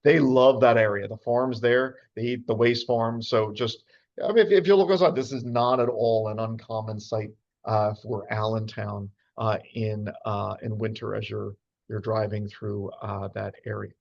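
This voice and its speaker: A man's voice: on the low side, steady tone, normal speed, vocal fry, a little mellow. A man from New giving a casual slide lecture on birds, chatty and full of fillers and asides. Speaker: birding lecturer. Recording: dull lo-fi sound.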